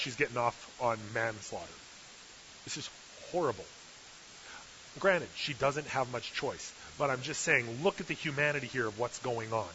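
A man's voice: mid-range voice, sharp tone. A male preacher giving a sermon with humorous, sarcastic asides, in a dull lo-fi recording with hiss.

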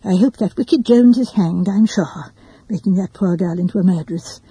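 A woman voicing a gentle, fussy old spinster who rambles softly. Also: mid-range voice, normal speed, breathy edge, dry recording, poor audio. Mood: musing. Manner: rambling, soft and quiet.

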